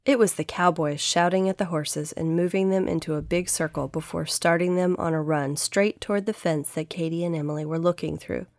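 A woman narrating a children's audiobook in a gentle, steady reading manner. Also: fairly low pitch, brisk, hardly any pauses, no echo, clean studio sound. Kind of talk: scripted storybook narration.

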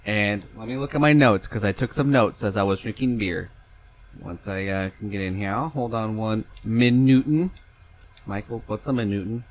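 A man's voice: lowish voice, normal speed. A young man from California chatting on a podcast, rambling loosely, swearing casually and laughing easily. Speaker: podcast co-host. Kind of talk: casual chat.

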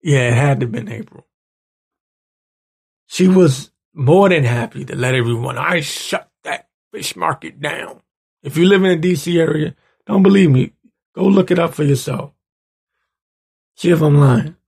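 A man's voice: on the high side, moderate pace, pauses often, darkish tone. A man hosting his own show, delivering an angry, profane political rant that keeps building into heated outbursts. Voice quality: gravelly, husky. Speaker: show host.

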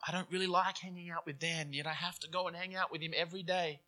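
A man's voice: on the high side, steady tone, fast, bright, forceful tone. A man preaching a sermon in an earnest, conversational way, slipping into acted inner voices to make his points. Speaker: pastor.

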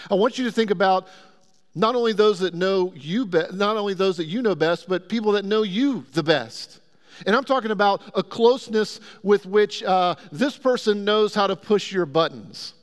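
A pastor preaching a sermon in a conversational way and asking the congregation questions. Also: male voice, high-pitched. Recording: long hall reverb.

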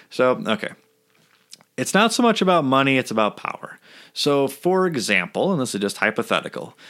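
A man talking through a casual explainer, sardonic and blunt, and not shy about swearing. His voice sits at an ordinary middle pitch for a man. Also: a bit bright. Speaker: video essayist.

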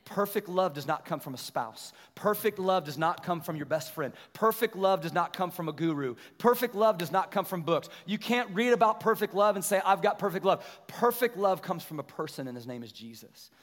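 Casting note: middle-aged male pastor with a high voice, animated storyteller who preaches with slow emphasis, long hall reverb. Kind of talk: sermon. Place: church sanctuary.

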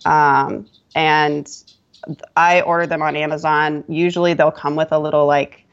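A woman, a guest esthetician, giving relaxed advice in a casual podcast interview with many fillers. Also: sits low, a little slow, clean tone, muffled recording. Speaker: guest esthetician and yoga instructor.

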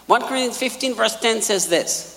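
A man preaching a sermon in a large hall, emphatic, repeating key lines and swinging between quiet asides and loud peaks. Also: extremely high pitch, normal speed. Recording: long hall reverb.

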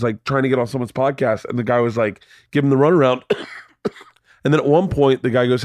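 A man's voice: mid-range voice, steady tone, fast, darkish tone, dry recording, clean studio sound. A man hosting a podcast, telling stories in casual chat, swearing freely and acting out the voices of people in his stories. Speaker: podcast host.

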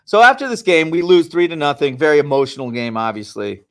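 A man co-hosting a podcast, telling a long story in a heated, animated way and swearing often. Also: a little high, fast. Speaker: podcast co-host. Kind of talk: casual storytelling.

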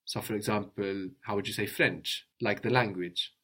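A man teaching a language lesson, patiently drilling words, repeating a learner's answers slowly and praising them. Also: fairly low pitch, steady tone, sharp tone, slightly rough.

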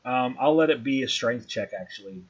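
A man's voice: mid-range voice, lively intonation, fairly quick, a little hiss or hum. A man running a tabletop game as game master, describing scenes and ruling on checks, on a dull lo-fi recording.

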